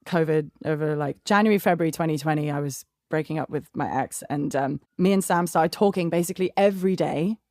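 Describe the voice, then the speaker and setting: Chatty southern English woman, lowish voice. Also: fairly quick, hardly any pauses, no room sound, clean studio sound. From England. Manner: chatty, laughs often, animated storytelling. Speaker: guest songwriter. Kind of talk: casual interview chat.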